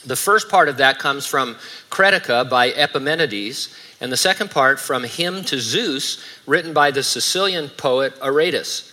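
Male pastor, middle-aged, conversational sermon, bright tone, dry wit. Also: mid-range voice, moderate pace. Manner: conversational preaching with dry asides.

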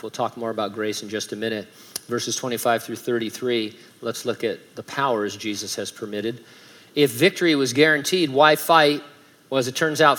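Male pastor, mid-pitched voice, emphatic sermon delivery with light humor. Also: fairly bright tone. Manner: emphatic, reads scripture aloud with rising force, light humor.

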